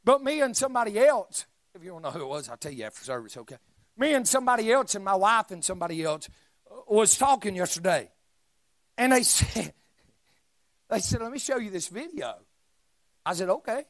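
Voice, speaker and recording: A man preaching a sermon in a church, shouting emphatic lines and dropping into joking asides. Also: sits high, very animated, a little fast, dry recording. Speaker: pastor. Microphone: live stream mic.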